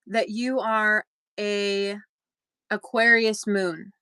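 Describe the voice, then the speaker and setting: A young adult woman, a podcast co-host, telling a story in casual chat and acting out quotes with big jumps in pitch. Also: steady tone, slow, bright, forceful tone, clean tone, no room sound, rough recording.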